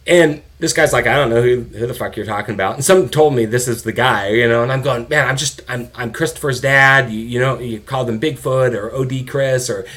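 Middle-aged man, interview guest, candid and animated storyteller. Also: medium pitch. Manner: animated, swears, quotes people in their own voices. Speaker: guest, father of an addicted son.

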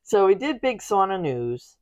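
A woman co-hosting a casual podcast, chatty and quick to react. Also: mid-range voice, sing-song, a little mellow. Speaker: podcast co-host. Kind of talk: casual chat.

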